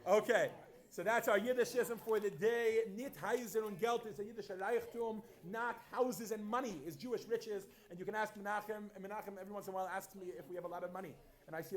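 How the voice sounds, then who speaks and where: High-voiced man teaching a class. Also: quick pace. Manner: lively, quizzes the class and mixes in Yiddish phrases. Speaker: Yiddish teacher. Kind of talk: classroom lesson. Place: classroom with students.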